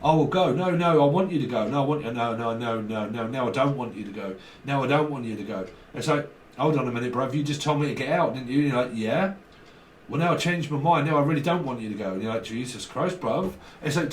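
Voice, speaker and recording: In an echoey room, a tarot reader speaks in an animated, brisk mid-range voice, picked up from a distance by the mic. He acts out conversations with slang, swears and laughs a lot, and there's a bit of hiss or hum.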